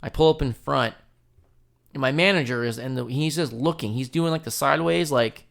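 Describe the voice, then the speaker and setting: A man hosting a podcast, telling a story in a casual, profane, animated way and laughing often. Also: medium pitch, moderate pace, gravelly. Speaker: podcast host.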